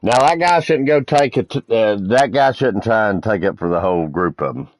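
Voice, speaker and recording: This male streamer's voice is fairly low and moves at a moderate pace, recorded with no room sound. He's playing a multiplayer game, swapping rambling stories with friends and teasing them in a casual, crude way.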